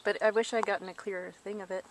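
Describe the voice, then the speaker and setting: A woman's voice: mid-range voice, flat delivery, quick pace, a little hiss or hum. A woman casually rambling while filming wildlife, chatting on the phone at the same time, recorded on a handheld camcorder's built-in mic.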